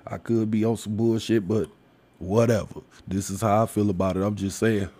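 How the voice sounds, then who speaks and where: A commentator delivers a casual, profane rant in a fairly low male voice, recorded dry on a close mic with no room sound. He's crude and loud and laughs often.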